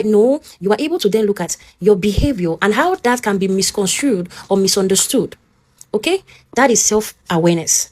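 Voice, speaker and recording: A woman, talking casually and warmly as she teaches, often checking in with "okay?" and acting out both sides of an argument. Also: medium pitch, lively intonation, normal speed. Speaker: advice talk host. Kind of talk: casual advice talk.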